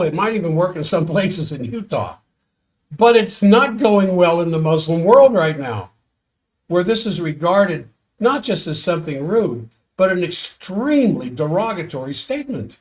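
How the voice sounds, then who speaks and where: A man hosting a solo world-affairs commentary stream, sardonic and exasperated as he reads out quotes and reacts. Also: fairly high pitch.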